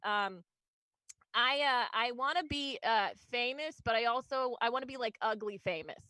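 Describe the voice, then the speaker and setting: A woman doing a stand-up comedy set, her voice sitting on the higher side. She rambles, leans on fillers and small laughs, and turns every joke back on herself. The sound is dry and close. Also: moderate pace, bright, forceful tone, no echo, low-quality recording. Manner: rambling, self-deprecating, frequent fillers and laughs. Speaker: stand-up comic.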